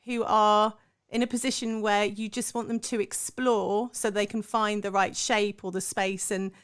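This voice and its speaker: A woman's voice: medium pitch, little pitch movement, normal speed, clean tone. A woman hosting a voice podcast, affirming her guest and asking reflective, philosophical questions. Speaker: podcast host and singing teacher. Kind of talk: interview podcast.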